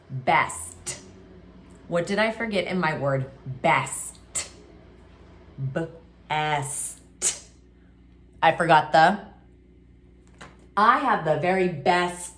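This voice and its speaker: A woman's voice: deep voice, lively intonation, takes it slowly, a bit bright. A woman teaching a remote kindergarten writing lesson, talking to young children in a patient, sing-song way.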